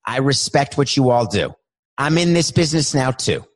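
A man's voice: medium pitch, animated, normal speed. A man hosting his own podcast, talking solo in a worked-up, emphatic way and stretching words for emphasis. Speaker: podcast host. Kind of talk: energetic solo podcast monologue.

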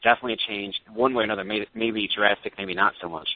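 A man's voice: fairly low pitch, steady tone, fast talker, no room sound. A man co-hosting a casual sports talk show, sharing hedging opinions. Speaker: podcast co-host. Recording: dry, tinny phone-like sound.

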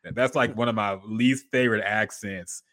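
A podcast co-host chats in a laid-back, slangy, profane way. His voice sits on the low side, a bit bright, with a steady tone and normal speed.

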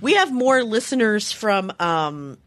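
Brief: playful woman co-host, animated pitch, dry close sound. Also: slow pace, no echo. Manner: playful, giggly storyteller. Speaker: podcast co-host. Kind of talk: casual chat.

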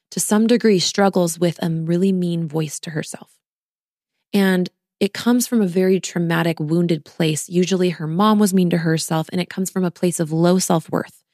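A woman's voice: on the low side, a little mellow, dry recording, clean studio sound. A woman in her thirties hosting a podcast, talking earnestly and directly to her listeners as a postpartum coach. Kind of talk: casual solo podcast talk.

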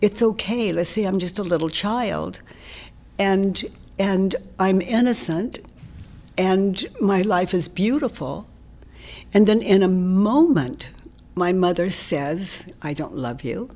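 A woman guest in an interview, explaining her ideas in a gentle, reflective way that often drops into a soft whisper. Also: mid-range voice, slow. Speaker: interview guest, self-inquiry teacher.

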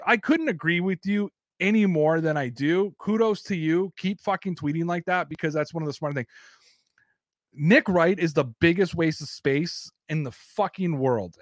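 Canadian dude ranting about football, swears a lot, kinda high voice, dry close sound. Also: male voice, no room sound. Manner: blunt and profane, rambling opinions. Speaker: sports podcast host. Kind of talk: casual sports talk.

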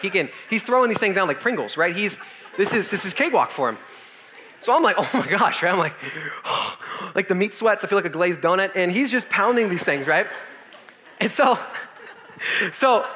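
A young man in his twenties giving a casual youth sermon, telling a comic story with lots of fillers and animated asides. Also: fairly high pitch. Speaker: youth speaker.

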